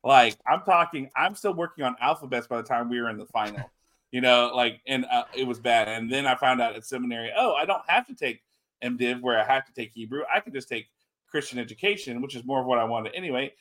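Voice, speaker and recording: A man's voice: medium pitch, fast, fairly bright tone. A man co-hosting a show in casual chat, easygoing as he greets viewers in the chat. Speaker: podcast co-host.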